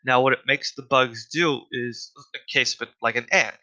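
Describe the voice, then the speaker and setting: A man's voice: mid-range voice, fairly even intonation, moderate pace, bright, forceful tone, low-quality recording. A man delivering a casual, profane solo rant, exasperated and full of fillers.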